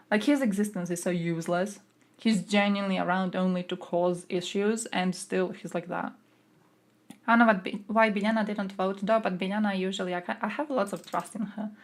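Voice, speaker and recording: A young woman from Croatia, streaming and giving blunt, profane, sarcastic political commentary. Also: medium pitch. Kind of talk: casual ranting commentary.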